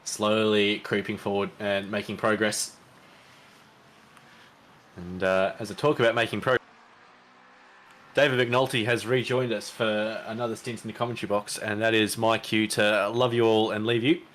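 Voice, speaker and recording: A man gives relaxed, joking commentary on a live sim race, breaking down strategy for the teams. His voice is low, with a faint hiss of noise behind it. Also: moderate pace, long pauses.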